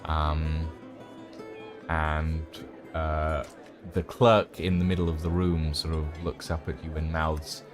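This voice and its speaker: A man running a tabletop game as game master, narrating scenes with many fillers and pauses. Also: very deep voice, level tone, over music.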